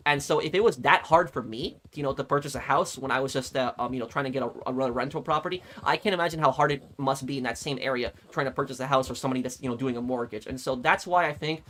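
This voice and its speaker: Man, streamer, fast rambling talk, casual storytelling, repeats himself. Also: medium pitch, fairly bright tone. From United States. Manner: rambling, repeats words while telling a story. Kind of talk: casual livestream chat.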